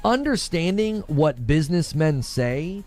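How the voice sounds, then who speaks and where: A man's voice: fairly high pitch, sing-song, a little slow, darkish tone, soft background music. A man giving an opinionated monologue to his viewers in a lecturing tone, repeating his points. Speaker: online video commentator.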